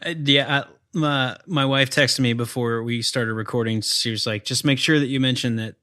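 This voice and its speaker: A man's voice: mid-range voice, steady tone, moderate pace, pushed and bright. A married man co-hosting a casual movie podcast, making dry jokes and mocking the scenes. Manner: dry joking, mocking retellings. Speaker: podcast co-host.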